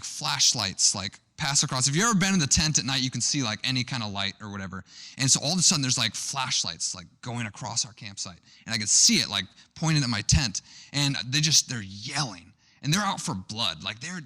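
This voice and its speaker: A man's voice: medium pitch, big pitch swings, a little fast, bright, forceful tone. A young man preaching a sermon, telling a personal story in a conversational way with frequent restarts. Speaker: pastor.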